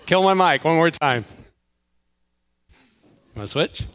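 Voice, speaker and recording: An older man, a church elder, warms up a Sunday crowd in a relaxed, joking way, calling out to the kids and chatting as he goes. His voice sits a little high for a man, and he speaks into a mic in a church hall. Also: slow pace, a little hiss or hum. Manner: playful, chatty, addresses the crowd directly. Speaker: church elder leading a children's game. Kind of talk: sermon opener with audience interaction. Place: church auditorium.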